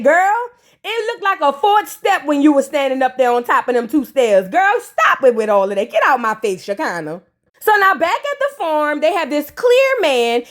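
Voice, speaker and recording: A woman's voice: high voice, fairly bright tone. A woman hosting a casual comedic recap of a reality show, sassy and full of roasting jokes. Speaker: reality TV reviewer.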